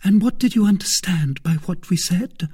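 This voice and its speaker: Man voicing a high, anxious young woman. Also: expressive, moderate pace, mellow, full character voice. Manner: eager, breathy, questioning.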